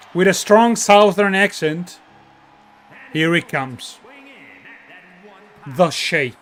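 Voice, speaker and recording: The host and commentator of a wrestling show, a man with an Italian accent, speaks in a slightly high, somewhat bright voice. He's jokey, reads names from the chat aloud, and gets excited over the ring entrances.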